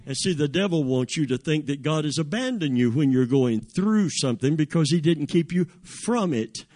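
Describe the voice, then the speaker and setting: A man preaching a sermon in a church, calling out to the congregation with emphatic, drawn-out phrases and rising exclamations. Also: fairly high pitch, expressive, darkish tone. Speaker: pastor. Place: church sanctuary.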